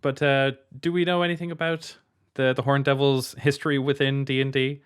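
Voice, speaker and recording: A man co-hosting a podcast in casual chat, chatty and playful and quick to laugh. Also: mid-range voice, level tone, clear, resonant tone. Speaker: podcast co-host.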